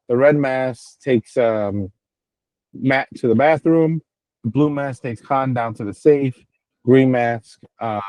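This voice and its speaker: A man's voice: medium pitch, a little mellow, no echo, poor audio. A man co-hosting a podcast, casually retelling a TV episode in a rambling way, full of fillers and restarts. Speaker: podcast co-host. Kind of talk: casual chat recapping a TV episode.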